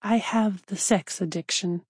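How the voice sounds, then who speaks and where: A woman's voice: medium pitch, a little slow, darkish tone, breathy edge, no echo, studio quality. A woman voicing a shy Eastern European man. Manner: hesitant, stumbling. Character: shy, halting male patient with thick Eastern European accent.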